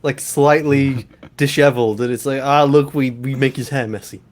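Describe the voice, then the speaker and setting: A man with a mid-pitched voice co-hosts a comedy podcast and talks casually over a film. He picks out small details and makes offhand remarks about them. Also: fairly even intonation, normal speed. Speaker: podcast co-host. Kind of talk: casual movie commentary.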